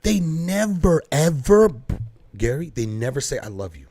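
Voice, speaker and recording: A man with a slightly high voice tells stories in a loose podcast chat, acting out every quote and swearing as he goes. He sounds close and dry, with no room around him. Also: a little slow, no room sound. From Detroit. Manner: animated, swears often, acts out quotes. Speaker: podcast guest, comedian. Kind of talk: casual storytelling chat.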